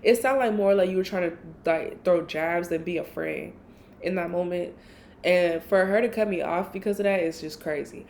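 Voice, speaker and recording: A woman hosting a solo podcast, telling a personal story in a blunt, profane, animated way. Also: fairly low pitch, moderate pace, slight background noise. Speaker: podcast host.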